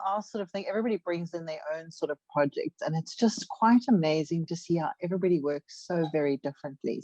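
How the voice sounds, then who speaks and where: A woman's voice: lowish voice, dark tone, no room sound, lo-fi sound. A woman co-hosting a podcast, chatting in a loose, rambling way full of fillers. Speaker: podcast co-host. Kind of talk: casual chat.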